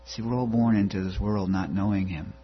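Husky-voiced preacher man, lo-fi sermon. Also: fairly low pitch, steady tone, brisk. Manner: dramatic preaching, builds to rhythmic recitation. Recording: dull lo-fi recording with mains hum.

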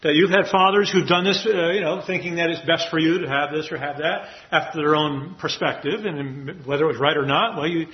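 A man's voice: fairly high pitch, brisk, hardly any pauses. A man teaching a Bible passage in a casual, rambling way, often asking "right?" and chuckling. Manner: rambling, many "right?" and "you know" asides, chuckles. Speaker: preacher teaching a Bible study. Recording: muffled lo-fi recording.

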